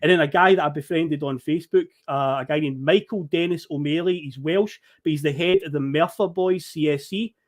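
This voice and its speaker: A man on a podcast, telling a lively story, acting out the people he met and swearing casually. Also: a little high, brisk, hardly any pauses. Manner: animated storyteller who acts out quoted people, swears casually.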